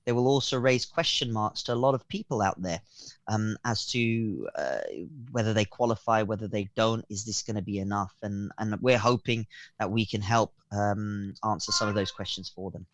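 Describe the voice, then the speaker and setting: A man's voice: fairly low pitch, steady tone, no echo. A man explains business schemes on a radio interview, stumbling through fillers and false starts. He sounds close and dry on a studio microphone. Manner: halting, many fillers and restarts. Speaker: accountant guest.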